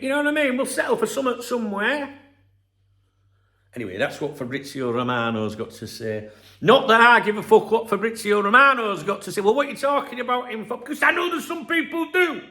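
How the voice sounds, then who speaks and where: His voice is high-pitched, creaky and bright, with a forceful tone. The speaker, a middle-aged football channel host from Scarborough, England, rambles casually and profanely in a vlog monologue, spinning stories with plenty of asides.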